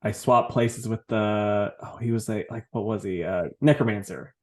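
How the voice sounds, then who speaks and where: A man's voice: lowish voice, steady tone, moderate pace. A man co-hosting a podcast, telling stories animatedly, laughing a lot and swearing casually. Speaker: podcast co-host. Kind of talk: casual chat.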